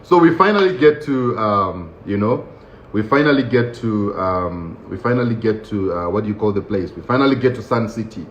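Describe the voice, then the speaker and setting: Animated man telling his own story. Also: fairly low pitch, normal speed. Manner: animated, laughs often, acts out quoted voices. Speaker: show host recounting his own experience. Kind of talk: casual storytelling monologue. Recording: roomy, dull lo-fi sound with faint hiss.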